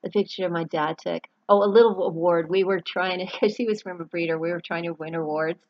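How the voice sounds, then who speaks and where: A middle-aged woman, an author with a dog, talks briskly in a lowish voice with a steady tone, rambling through an emotional vlog while showing photos to camera and choking up at moments. The recording is muffled, with no echo.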